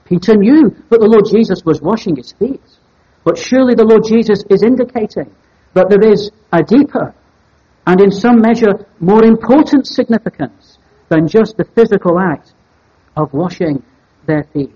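A man preaching an evening Bible sermon in a measured, deliberate way, stressing key words as he teaches. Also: high-pitched, lively intonation, dark tone, husky. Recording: dull lo-fi sermon recording.

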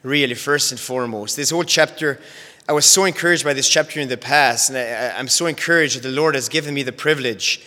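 A man teaching a sermon on Bible verses, measured and careful, often repeating and restarting phrases as he explains. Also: medium pitch, pushed and bright. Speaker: preacher. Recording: long hall reverb.

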